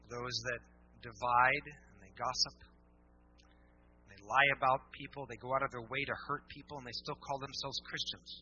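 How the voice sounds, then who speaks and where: A man preaching a sermon to his church in a casual, animated way, slipping into mock voices to make his points. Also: mid-range voice, moderate pace, slightly rough. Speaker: pastor. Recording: dull lo-fi church recording.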